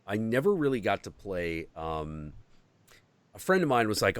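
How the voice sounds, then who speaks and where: A man hosting a podcast, telling a story in casual chat, animated and swearing freely. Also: low voice, normal speed, clean tone, no room sound. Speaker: podcast host.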